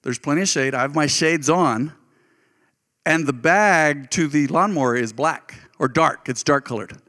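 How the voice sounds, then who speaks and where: A man delivers a sermon laced with homespun storytelling, his voice high and bright. He gets animated and jumps upward when excited, and the room carries a long hall reverb behind him. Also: moderate pace. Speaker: pastor.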